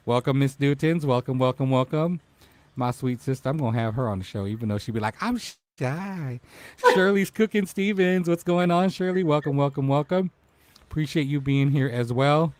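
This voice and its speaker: A man's voice: medium pitch, no echo. A man hosting a casual livestream talk show, upbeat and greeting viewers by name.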